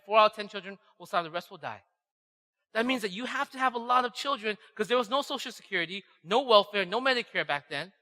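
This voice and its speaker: Male pastor, high bright voice, chatty sermon, keeps asking "right?". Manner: acts out quoted voices. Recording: long hall reverb.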